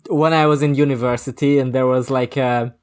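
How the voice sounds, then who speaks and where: A woman's voice: rumbling low, steady tone, a little fast, a little mellow. Podcast co-host, woman, rambly casual talker. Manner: rambling, full of "like" and restarts. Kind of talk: casual chat.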